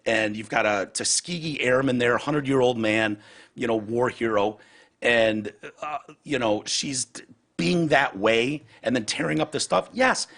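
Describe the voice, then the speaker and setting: A man's voice: medium pitch, unhurried, creaky, a bit bright. A man hosting a podcast in casual chat, ranting heatedly and profanely and acting out other people's words. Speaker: podcast host.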